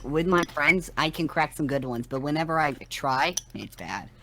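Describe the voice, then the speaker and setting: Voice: mid-range voice, expressive, normal speed, fairly bright tone. A podcast co-host chatting casually and dropping short, dry wisecracks. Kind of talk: casual chat.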